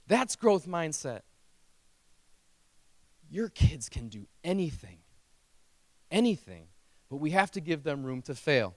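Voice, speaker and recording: A man's voice: on the high side, lively intonation, measured pace, long pauses, no echo. A man who teaches speech, giving a motivational keynote to parents and telling stories in an earnest, emotional and emphatic way.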